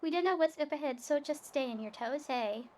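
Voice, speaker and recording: A woman's voice: sits high, fairly quick, a little mellow, slight background noise, close to an everyday voice. A woman voicing a brash, cheeky young female thief with an Australian accent, reading game dialogue aloud in a blunt, slangy way.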